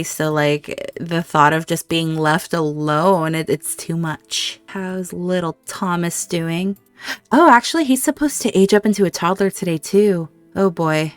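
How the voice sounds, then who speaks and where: Her lowish voice has a clean tone, recorded dry, as this woman hosts a gameplay video. Commenting casually, she gets emotional over what happens and addresses the on-screen characters aloud.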